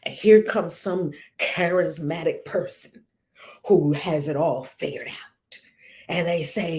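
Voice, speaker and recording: A woman's voice: low voice, slow, a little mellow. A woman spiritual teacher speaking emphatically and preaching, full of rhetorical questions.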